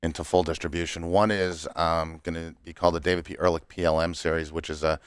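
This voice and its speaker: A man's voice: low-pitched, level tone, fast talker, clean tone, no room sound, studio quality. A man who runs a cigar company, a guest on a podcast, telling stories casually and laughing between lines. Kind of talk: casual storytelling chat.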